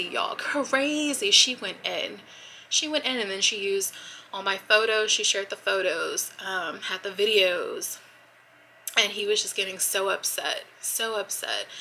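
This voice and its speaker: A woman's voice: mid-range voice, bright, forceful tone, a little hiss or hum, low-quality recording. A woman vlogger telling a personal story to her viewers in casual chat, with lots of fillers. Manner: chatty, addresses viewers as y'all, many fillers. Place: at home getting ready.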